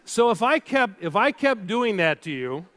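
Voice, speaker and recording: High-voiced man giving a keynote speech. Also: normal speed. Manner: animated, playful, leads the crowd through exercises. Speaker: keynote speaker. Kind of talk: storytelling keynote speech to a live audience. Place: stage before a live audience.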